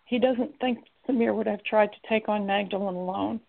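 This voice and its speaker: A woman narrates a story in a steady, even reading. Her voice has a gravelly fry to it. The recording is tinny and phone-like. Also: mid-range voice, normal speed. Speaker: audiobook narrator. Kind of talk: scripted narration.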